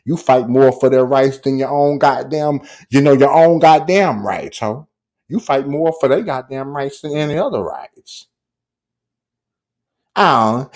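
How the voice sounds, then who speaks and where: A man's voice: medium pitch, expressive, measured pace, a little mellow. A man delivering a furious, profane, taunting livestream rant.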